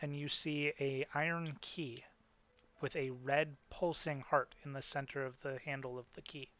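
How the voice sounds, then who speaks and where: A man running a tabletop game as dungeon master, describing scenes and calling for rolls in a relaxed way. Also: fairly high pitch, moderate pace, lo-fi sound.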